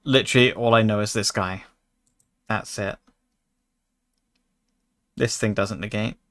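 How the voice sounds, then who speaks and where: A man's voice: lowish voice, fairly even intonation, measured pace, a bit bright. A man streaming a card game, chatting casually with his chat and joking in mock anger. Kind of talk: casual gaming commentary.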